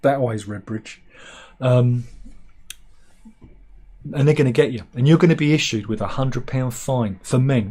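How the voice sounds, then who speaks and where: A man's voice: mid-range voice, measured pace, pauses often, dark tone. A man giving rambling, sarcastic comic commentary on news stories, with mock-serious asides. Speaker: satirical news vlogger.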